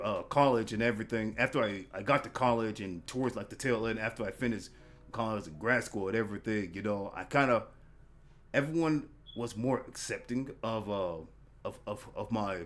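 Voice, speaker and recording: A man hosting a casual interview podcast, talking in a halting way with repeated words and lots of fillers. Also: fairly low pitch, fairly bright tone. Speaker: podcast host.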